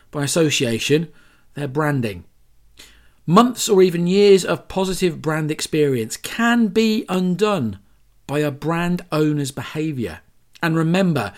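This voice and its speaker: A man's voice: fairly high pitch, a little mellow. A man hosting a solo podcast, talking in a chatty, emphatic way with asides and self-corrections. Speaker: podcast host. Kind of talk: solo podcast talk on branding.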